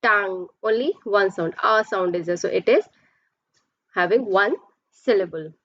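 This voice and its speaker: A woman's voice: medium pitch, expressive, normal speed, no echo, lo-fi sound. A woman teacher giving a pronunciation lesson, explaining patiently step by step and drawing out her example words.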